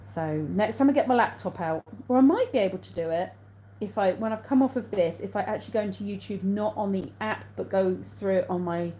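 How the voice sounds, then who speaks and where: A chatty English woman talks into her phone during a relaxed live stream, warm and mellow in tone. She reads viewer comments aloud, answers them, and laughs easily. A faint noise sits under her voice. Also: medium pitch, a little fast, low-quality recording. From England. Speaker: vlogger hosting a live stream. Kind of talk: casual live-stream chat.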